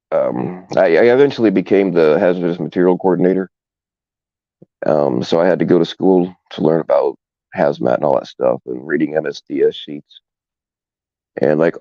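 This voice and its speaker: Deep gravelly guy rambling on his stream, lots of ums, dark dry lo-fi sound. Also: dry recording. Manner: rambling, hesitant, full of fillers. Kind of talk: casual live stream chat. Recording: dull, lo-fi stream audio.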